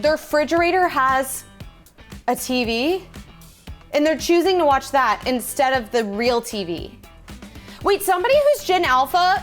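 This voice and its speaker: A young woman hosting a reaction video, chatting casually and reminiscing, easily amazed by what she sees. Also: high voice.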